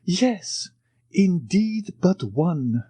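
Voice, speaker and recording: A timid, eager old ex-soldier speaks in a strikingly high, quavering voice that swoops up and down as he fawns and frets, as a male audiobook narrator puts him on. The sound is close and dry, with no room around it. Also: very animated, unhurried, no room sound, heavily acted.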